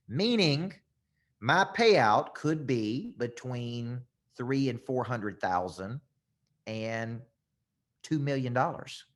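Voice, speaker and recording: With a lowish voice, a man coaching on business speaks into a computer mic during a live webinar. He works himself up, repeating phrases to stress them.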